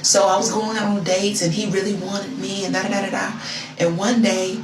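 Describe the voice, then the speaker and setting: A woman's voice: medium pitch, level tone, a little fast. A woman from the United States telling a story in a gossipy, confiding way, as if to a friend, in an echoey, noisy recording. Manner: gossipy, confiding, addresses listener as "girl". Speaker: storyteller on a social video. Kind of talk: casual storytelling. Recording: echoey room with loud noise.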